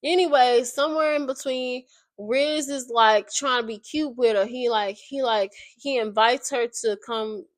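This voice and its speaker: A woman's voice: fairly high pitch, a little slow, dry recording. Slangy woman recapping a book. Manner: slangy, animated retelling. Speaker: video creator.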